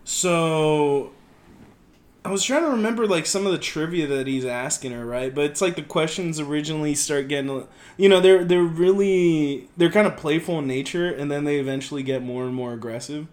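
Higher-voiced joking man. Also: moderate pace. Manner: animated, joking, swears, laughs a lot. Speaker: podcast co-host. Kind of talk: casual movie review chat.

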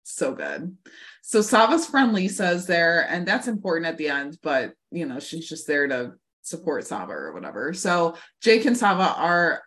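A woman's voice: on the low side, sing-song, moderate pace, fairly bright tone. A woman co-hosting a podcast, recapping a TV episode in a gushing, chatty way with lots of fillers. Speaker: podcast co-host. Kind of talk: casual chat recapping a TV episode.

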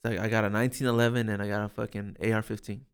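A man's voice: fairly low pitch, flat delivery, very fast, smooth. A man guest on a podcast telling a story casually, rambling with lots of fillers and swearing. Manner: rambling, heavy "like" fillers, profane.

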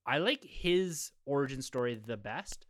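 A man on a podcast panel, giving a measured, analytical review of a film in casual conversation. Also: medium pitch, animated, fairly bright tone.

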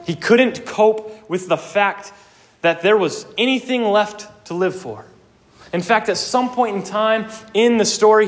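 A young man preaching a sermon, earnest and emphatic, with casual asides. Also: high voice.

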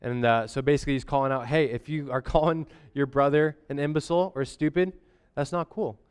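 A man's voice: medium pitch, steady tone, a little fast, clean tone. Laid-back young man preaching casually. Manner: conversational, slangy preaching with frequent "amen?" asides. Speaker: pastor. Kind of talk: casual sermon.

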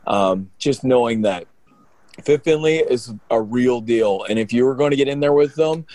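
A man, a pro wrestler co-hosting a podcast, tells stories in an animated, rambling way and keeps restarting his sentences. His voice sits at a middle pitch. The recording is close and dry. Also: moderate pace, no room sound. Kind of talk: casual storytelling on a podcast.

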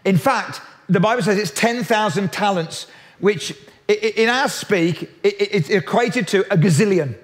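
A man preaching a sermon in a lively, jokey way, often restarting his sentences. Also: high voice, moderate pace. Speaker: pastor.

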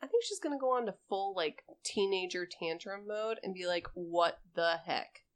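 A woman chatting as a player in a tabletop game, giggly and animated when she tells a story. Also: mid-range voice, fairly quick. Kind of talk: casual tabletop game chat.

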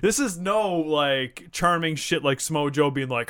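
A man's voice: a little high, lively intonation, measured pace, few pauses, a bit bright. A man telling wrestling stories in casual, profane podcast chat, laughing at his own jokes. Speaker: podcast co-host.

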